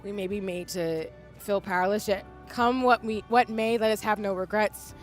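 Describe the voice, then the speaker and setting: A woman reading out a weary, earnest game companion's lines in a quiet, subdued way. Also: medium pitch, steady tone, moderate pace, faint music behind, pitched below the performer's own voice, close to an everyday voice. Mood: solemn.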